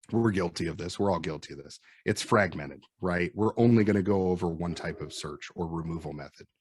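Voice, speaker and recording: A man in his forties with a Midwestern American accent, a firefighter and instructor telling animated stories and acting out what people said. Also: deep voice, breathy edge, dry recording, studio quality. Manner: animated storyteller acting out quotes. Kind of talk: casual storytelling chat.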